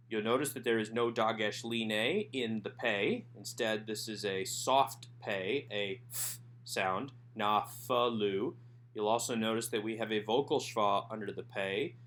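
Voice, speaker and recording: A man of medium pitch narrates a recorded lesson over slides. He talks his listeners through each exercise and slows right down to sound out words syllable by syllable. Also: a bit bright. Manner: slow, careful enunciation of Hebrew words. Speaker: Hebrew teacher.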